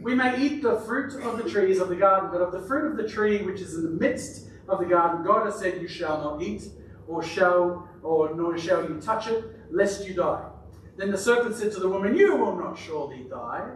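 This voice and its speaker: A preacher with a high voice gives a conversational, joke-filled sermon, prompting responses from the congregation. The church recording is echoey and distant, with slight background noise.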